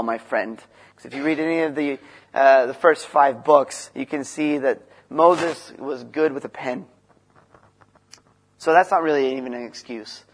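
A man preaching a sermon in an earnest way, shifting from loud emphasis to quiet, low passages and acting out short dialogues. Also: husky. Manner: acts out dialogue between Moses and God.

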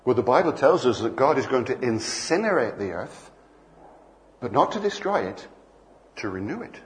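A man's voice: mid-range voice, sing-song, normal speed, a little hiss or hum. An older man preaching a sermon, telling playful anecdotes and acting out bits of dialogue.

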